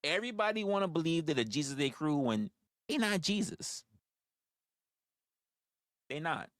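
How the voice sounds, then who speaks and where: A man's voice: on the high side, dry recording, studio quality. A man, rambling through profane stories on a casual livestream. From New York. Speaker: livestream host.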